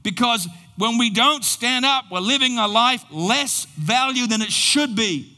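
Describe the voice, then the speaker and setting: High-voiced pastor preaching slowly. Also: male voice, animated, sharp tone. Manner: dramatic storytelling with long pauses. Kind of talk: sermon storytelling. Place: church hall. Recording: long reverb in a large hall.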